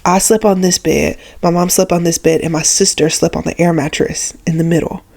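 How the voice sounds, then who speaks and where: A woman's voice: lowish voice, fairly even intonation, fairly quick, gravelly, a little mellow. A woman in her twenties telling childhood stories in a chatty, filler-heavy personal vlog, tearful and emotional as she talks about her father. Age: 20s. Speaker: vlogger.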